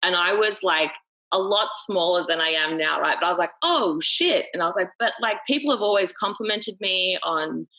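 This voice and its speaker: A woman's voice: fairly low pitch, moderate pace, bright, forceful tone, rough recording. A young Australian woman, a podcast guest, talking candidly in casual conversation, swearing freely and peppering her speech with fillers. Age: young adult.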